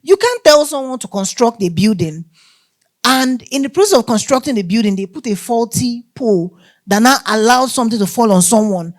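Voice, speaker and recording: A woman's voice: on the high side, animated, normal speed. A woman teaching a workshop on law, emphatic and often checking that listeners follow. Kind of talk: lecture to a live group.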